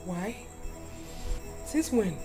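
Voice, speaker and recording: An actress with a Nigerian accent playing a friend who calmly reassures the worried wife. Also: female voice, medium pitch, drawn-out words, soft background music. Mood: reassuring. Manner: calm, reassuring. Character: calm, reassuring female confidante.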